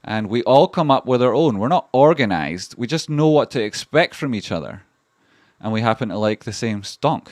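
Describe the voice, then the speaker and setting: A man's voice: mid-range voice, expressive, normal speed, dry recording, studio quality. A Scottish man hosting a casual livestream, talking over charts with a rambling manner and plenty of swearing. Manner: heavy swearing, rambling and chatty. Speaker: livestream host.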